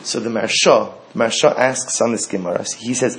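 A man teaching as a rabbi in an animated storytelling sermon, emphatic, repeating phrases and restarting often. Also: fairly low pitch, brisk, few pauses, slight background noise.

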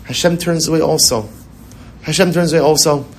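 A man's voice: a little high, brisk. Male Torah teacher, chatty and repetitive, rhetorical questions, Hebrew terms woven into English, faint hiss behind. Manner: conversational, repeats phrases, asks rhetorical questions. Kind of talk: Torah class.

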